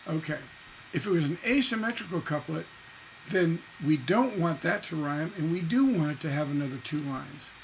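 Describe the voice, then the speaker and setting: A middle-aged man leads a songwriting lesson in a fairly high voice. He talks with emphatic energy and breaks into recited or half-sung lyric lines to make his points. A faint hum sits under the recording. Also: moderate pace, poor audio. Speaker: songwriting instructor.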